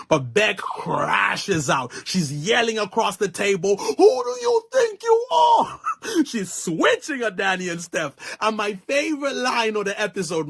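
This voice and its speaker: A man casually recapping a reality show episode, animated and laughing often as he acts out what people said. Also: high-pitched, creaky, breathy edge. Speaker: recap vlogger.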